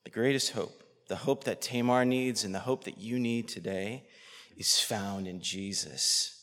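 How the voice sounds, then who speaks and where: A man preaching a sermon with passion, swinging between loud outrage and hushed, near-whispered tenderness. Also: fairly low pitch, unhurried. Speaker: pastor. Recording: long hall reverb.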